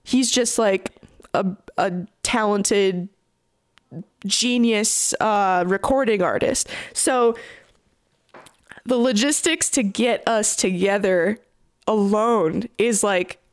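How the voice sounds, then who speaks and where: A woman's voice: mid-range voice, slow pace, dry recording. A young Canadian musician talks through a tour story in a loose, chatty way, stacking fillers and restarts as she goes. Her voice sits in an ordinary middle range, and the recording is close and dry, with no room sound. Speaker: touring musician, interview guest. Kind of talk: casual interview storytelling.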